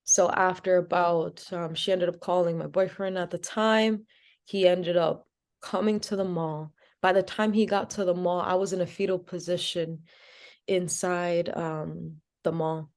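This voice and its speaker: Her pitch is fairly low and she speaks a little slowly. As a guest in a podcast interview, the young woman from Providence, Rhode Island, tells her story animatedly, acting out quoted lines and saying "like" a lot.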